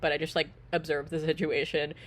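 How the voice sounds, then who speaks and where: A young woman vlogging outdoors on a farm, talking to the camera and cooing in high baby talk to her pigs. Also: little pitch movement, a little fast. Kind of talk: casual vlog talk to pets and camera. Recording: outdoor noise and animal sounds behind.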